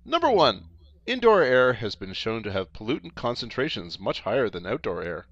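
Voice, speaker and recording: A man's voice: medium pitch, sing-song, moderate pace, fairly bright tone, breathy edge, no echo, dull audio. Man reading ad copy aloud, laughing. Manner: stumbling, laughing reader. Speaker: podcast co-host reading product copy. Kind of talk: casual comedic reading aloud.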